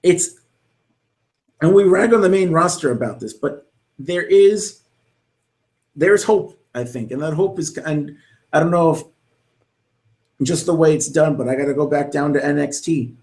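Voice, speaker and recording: A young podcast co-host, his voice a little high and a little mellow, speaks unhurriedly and pauses often. He's rambling enthusiastically in a casual talk about wrestling commentary, full of restarts.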